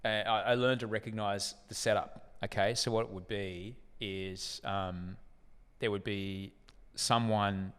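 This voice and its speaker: An Australian man in his forties, a broadcaster guest telling animated, profane stories in a casual interview. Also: fairly low pitch, unhurried, clean tone. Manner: animated, profane, acts out other people in anecdotes. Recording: echoey room with long reverb.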